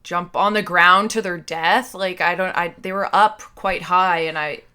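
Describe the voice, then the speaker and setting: A woman's voice: fairly low pitch, fairly even intonation, unhurried, bright, forceful tone, clean tone. A woman guest on a podcast, chatting casually and questioning the film's logic with disbelief. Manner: incredulous, questioning. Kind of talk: casual chat.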